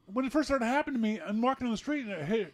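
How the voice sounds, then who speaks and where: A man's voice: very high voice, animated, very fast. A middle-aged man with a Canadian accent, hosting a casual podcast chat, joking and mock-exasperated. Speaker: podcast host.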